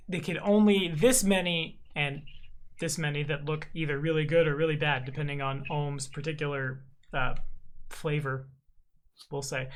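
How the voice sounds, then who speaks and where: A man running a tabletop game as game master, narrating in a casual, chatty way. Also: a little high. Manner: casual, chatty, slows down for tricky words.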